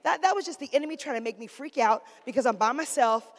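A middle-aged woman preaching a sermon, swinging from shouted exhortation to quiet, chatty storytelling. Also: sits high, fast. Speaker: preacher, pastor's wife. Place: church sanctuary. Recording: long reverb of a church hall.

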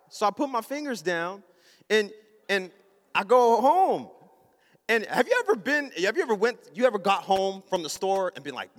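A man preaching a storytelling sermon, acting out his own thoughts and his wife's replies in a lively, casual way. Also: sits high, normal speed, long reverb tail. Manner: animated, acts out his own inner voice and his wife's.

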